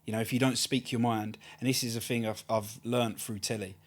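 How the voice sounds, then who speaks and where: A man in his thirties with an Essex accent talks at a brisk clip as an interview guest. His pitch sits in the middle range for a man. He speaks in a chatty, colloquial way and keeps circling back to short repeated phrases. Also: steady tone. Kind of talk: casual interview chat.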